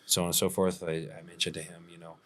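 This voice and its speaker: A man's voice: low voice, level tone, fast, fairly bright tone. A male roofing contractor telling work stories in a casual podcast chat, laid-back, with frequent chuckles and fillers.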